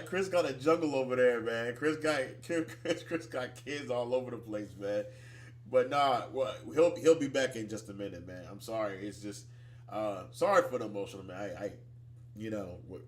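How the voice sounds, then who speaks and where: A man hosting a podcast, speaking in a soft, halting way while grieving. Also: lowish voice, slight background noise. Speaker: podcast host. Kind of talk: casual podcast talk.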